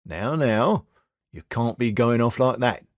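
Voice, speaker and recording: Man as a wry, steady detective. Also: medium pitch, a little slow, no echo, clean studio sound, close to an everyday voice. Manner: blunt, wry and reassuring. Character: shrewd, steady young male detective partner.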